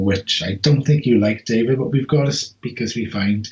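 A man's voice: lowish voice, moderate pace, few pauses. Male podcast co-host, rambling and restarting, lo-fi sound. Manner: rambling, many fillers and restarts. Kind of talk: casual chat.

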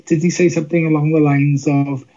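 In a casual review chat, a male podcast co-host speaks fairly quickly in a slightly high, warm voice with little pitch movement. He rambles hesitantly and restarts often, and the recording has a dull lo-fi quality.

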